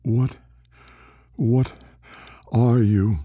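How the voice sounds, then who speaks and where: A man's voice: mid-range voice, fairly even intonation, extremely slow, mellow, no room sound, clean studio sound, voice pushed up. A man voicing a wounded, starving male wolf who speaks in strained, blunt bursts. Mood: desperate strained.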